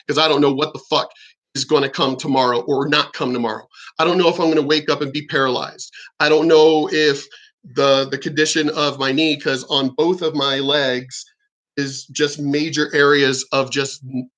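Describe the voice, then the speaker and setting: A man's voice: fairly high pitch, fairly bright tone. A man from Virginia ranting in a casual vlog monologue, rambling and swearing heatedly. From Virginia, USA. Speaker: vlogger.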